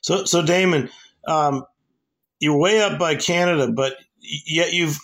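Man host, gravelly voice, a bit high, eager and stumbling. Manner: eager, stumbling over questions. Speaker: host, event organizer. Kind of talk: casual interview talk.

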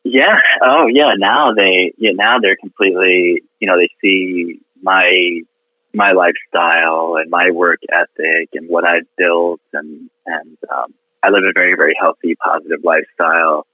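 A man's voice: low voice, measured pace, dry recording. Man calling in over a phone line. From Florida. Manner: animated, emotional storyteller with many restarts. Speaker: guest business owner. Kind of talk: casual storytelling on a podcast.

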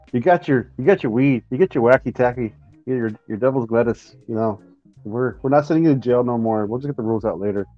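A man's voice: mid-range voice, fast, no echo, faint music behind. Rambling man, dry dull recording. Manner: loose, rambling, crude jokes. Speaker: podcast co-host. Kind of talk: casual chat. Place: home studio, Washington State.

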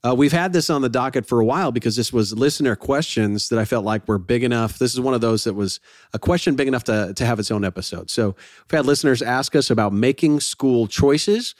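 A man's voice: mid-range voice, brisk, no room sound, clean studio sound. A man hosting a casual podcast, joking with his co-hosts and talking in loose restarts. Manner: jokey, talks in restarts and fillers. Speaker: podcast host.

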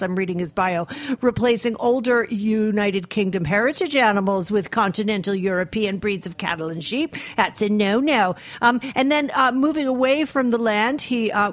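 A woman hosting a radio interview from a studio, chatty and given to laughing, with many ums and asides. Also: mid-range voice. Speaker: radio show host.

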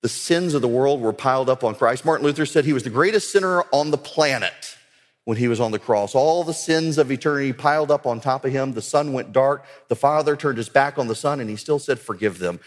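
A man's voice: mid-range voice, a little fast. A man giving an earnest religious conference talk that builds to fervent exhortation. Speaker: conference speaker. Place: large conference hall. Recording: long hall reverb.

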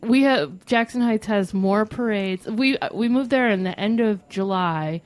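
A woman co-hosting a radio talk show at an ordinary middle pitch. She tells dry, sardonic stories in casual banter, often laughing through her sentences. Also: a little slow, no echo. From Pennsylvania. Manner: sardonic storytelling, laughs while talking. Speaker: co-host.

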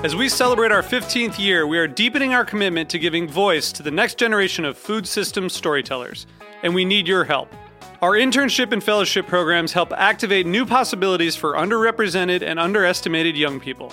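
A man reading a scripted fundraising appeal for a podcast network in an earnest, steady way. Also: high voice. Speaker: network announcer. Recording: light music behind.

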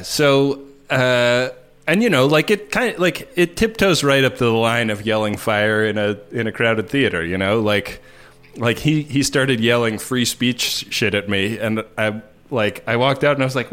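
A man's voice: mid-range voice, fairly bright tone. A man co-hosting a podcast, telling a story in casual chat with lots of fillers and laughter. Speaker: podcast co-host.

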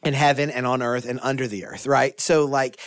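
An earnest man explaining theology in a relaxed podcast discussion, at times reading scripture aloud. His voice sits in a middle pitch. The sound is dry and close. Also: brisk, no room sound. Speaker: theology teacher.

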